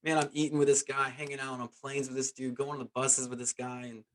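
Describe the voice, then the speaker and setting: Animated storytelling man around forty. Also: medium pitch, quick pace. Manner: animated, chuckling, keeps saying "man". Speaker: guest, former pro baseball player. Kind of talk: casual storytelling.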